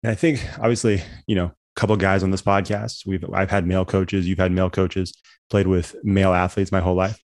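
A man's voice: low-pitched, level tone, quick pace, a little mellow, no room sound, clean studio sound. A man hosting a casual podcast interview, affirming his guest and often saying "man". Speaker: podcast host.

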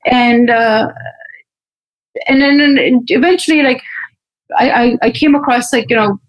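A young woman from Pakistan recounts her life as an interview guest. She speaks in a candid, animated way with a slightly high voice and slips into the voices of people she quotes. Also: measured pace, low-quality recording. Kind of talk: personal story in conversation.

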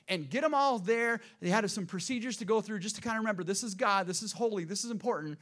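Pastor, male, high voice, dynamic sermon delivery with loud peaks and quiet drops. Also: fast talker, few pauses. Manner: dynamic preaching, swings between loud emphasis and hushed lows.

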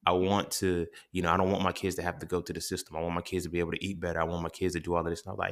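Deep gravelly man musing to listeners. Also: little pitch movement, very fast, hardly any pauses. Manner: casual, profane, rambling with restarts. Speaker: podcast host. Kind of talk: impromptu monologue.

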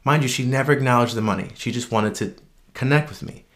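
A man casually telling a personal anecdote, relaxed and unscripted, with frequent ums and restarts, earnest and reflective. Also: medium pitch, fast. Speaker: storyteller.

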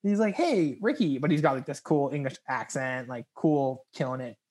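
A young man co-hosting a podcast, telling a work story in casual chat, animated and laughing, acting out the voices of the people in it. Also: mid-range voice, fairly quick. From United States. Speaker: podcast co-host.

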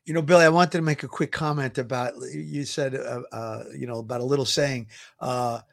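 A former police officer with a Brooklyn, New York accent co-hosts a show, chatting casually but earnestly. His mid-range voice is steady and creaky, and he pauses and restarts a lot.

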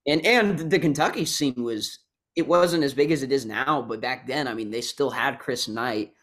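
A man's voice: mid-range voice, normal speed, a bit bright. A young man, a visiting musician, talking casually in an easygoing, rambling way. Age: young adult. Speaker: guest musician. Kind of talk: casual chat.

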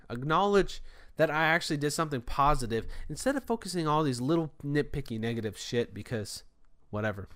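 A man's voice: mid-range voice, fairly bright tone, no echo. A man who runs a store department, telling a rambling, frustrated story to his viewers in a casual rant. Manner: frustrated, venting.

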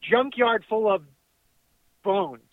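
A man co-hosting a wrestling podcast in casual chat, ranting excitably with profanity, calling in from his car. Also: sits high, slow pace, dry recording. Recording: tinny dry phone line.

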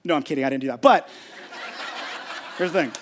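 Man, pastor, high voice, self-mocking storytelling sermon, long echo of a big hall. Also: moderate pace, some chatter behind, slight background noise. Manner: self-deprecating, animated anecdote. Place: church stage.

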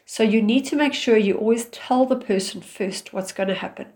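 Calm, firm woman giving advice. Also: fairly high pitch, moderate pace. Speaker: relationship advice speaker. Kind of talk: direct advice talk.

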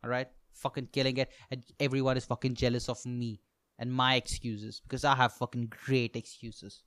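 Young male comic, solo podcast monologue, profane and self-mocking, bursts of shouting, clean dry mic. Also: mid-range voice, level tone, normal speed, dry recording. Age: 20s. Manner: profane ranting, laughs at own jokes, sudden loud outbursts. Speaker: podcast host, stand-up comedian.

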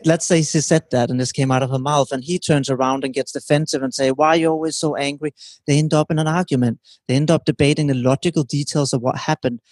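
A man giving a calm, teacherly explanation as a guest in an interview, often checking in with his listener. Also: mid-range voice, no room sound. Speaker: relationship expert guest.

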